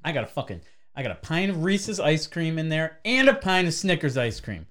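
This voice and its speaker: A man's voice: fairly high pitch, big pitch swings, fairly quick, a bit bright. A man co-hosting a podcast in casual banter, swearing constantly and ranting in mock anger. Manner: profane, mock-angry ranting. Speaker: podcast co-host.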